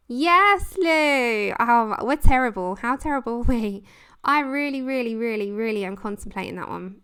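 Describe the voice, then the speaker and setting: A woman's voice: fairly high pitch, animated, unhurried, fairly bright tone, smooth. A woman hosting a casual colouring livestream, chatting and giggling as she reads the chat. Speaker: livestream host.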